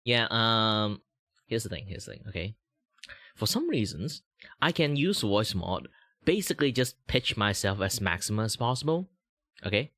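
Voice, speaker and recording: A man's voice: on the low side, sing-song, normal speed, fairly bright tone, no echo, clean studio sound. A young man from Malaysia streaming as a VTuber, chatting casually at a desk mic in a rambling, self-mocking way and chuckling often. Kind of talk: casual livestream chat.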